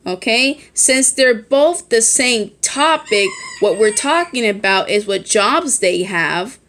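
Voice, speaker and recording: Bright-voiced woman teaching a lesson. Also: a little high, lively intonation, takes it slowly. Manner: explains step by step, often checks in with 'okay?'. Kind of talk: recorded classroom lesson. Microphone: phone held in hand.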